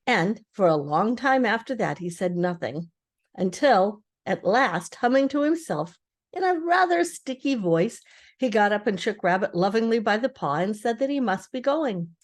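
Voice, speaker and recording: Older grandma reading a kids story, gentle, voice going up and down a lot. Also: female voice, mid-range voice, animated, normal speed.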